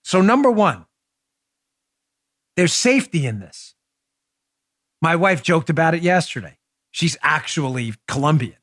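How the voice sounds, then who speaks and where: A man hosting a political talk show, delivering animated, mocking commentary with big swings in his voice. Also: a little high, measured pace, long pauses, no echo, clean studio sound. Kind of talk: opinionated commentary.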